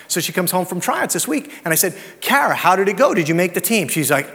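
A man's voice: high voice, animated, fast, few pauses, a bit bright. A man preaching a sermon as pastor, mixing scripture with personal stories and rhetorical questions. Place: church sanctuary. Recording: long hall reverb.

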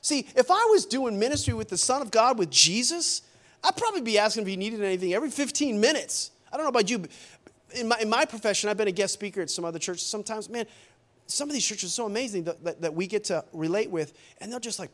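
A man preaching a sermon as a pastor, animated and acting out the people in the story. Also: high voice, quick pace. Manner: animated, acts out quoted voices.

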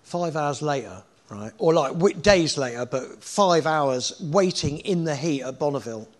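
Man, high voice, swooping pitch, interview guest, animated storyteller, swears a lot. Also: measured pace. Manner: animated, swearing, repeats himself, checks in with "right?".

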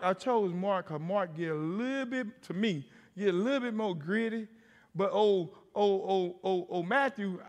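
A middle-aged man preaching a sermon as a pastor, telling stories and calling out to the congregation. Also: high-pitched. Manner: storytelling, calls out to the congregation. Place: church sanctuary. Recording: long hall reverb.

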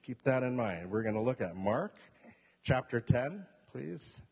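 Male pastor, sermon, slow and emphatic, mid-range voice, reverberant sanctuary. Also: mid-range voice, sing-song, creaky, husky. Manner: emphatic, repeats key points, asks the audience questions. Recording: long reverb of a hall.

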